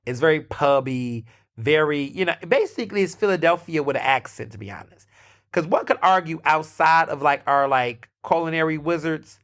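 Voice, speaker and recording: An American podcast host tells a story on his own in a casual, chatty style, loaded with fillers, restarts, and sassy asides. His voice is slightly high and a bit bright, at a moderate pace.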